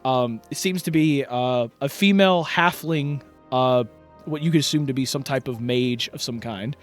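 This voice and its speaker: A man's voice: medium pitch, moderate pace, faint music behind. A man narrating as dungeon master in a rambling way, full of fillers. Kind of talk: narrating a tabletop game.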